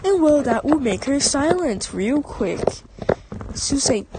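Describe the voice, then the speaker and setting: A woman's voice: high-pitched, very animated, takes it slowly, very noisy. A woman narrating a fan-made story off the cuff, rambling and correcting herself often. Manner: rambling, with frequent restarts and self-corrections.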